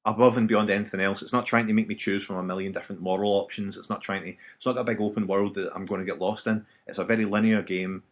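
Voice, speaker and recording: A man's voice: fairly low pitch, fairly even intonation, quick pace, hardly any pauses. A man, co-hosting a casual podcast chat and rambling through his opinions with lots of restarts. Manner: chatty, rambling, frequent restarts and fillers. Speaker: podcast co-host. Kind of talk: casual chat about video games.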